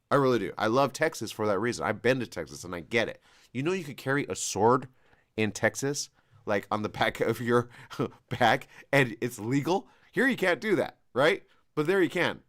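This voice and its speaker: A man's voice: medium pitch, expressive, a little fast, a bit bright. A man hosting a live talk show, giving rambling, conversational commentary with an American West Coast accent. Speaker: host.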